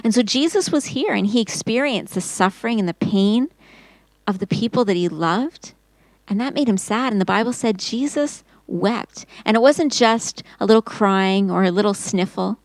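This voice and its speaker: Expressive woman telling a children's Bible story. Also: mid-range voice, normal speed, no echo, low-quality recording. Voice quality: expressive storyteller, acting out quotes in raised voice. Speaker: Sunday school teacher.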